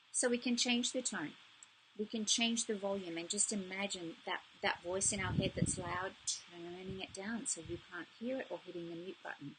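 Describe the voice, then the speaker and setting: A woman's voice: medium pitch, a bit bright, slight background noise, low-quality recording. A middle-aged woman coaching viewers on self-esteem in a live video talk, earnest and encouraging, speaking straight to the viewer.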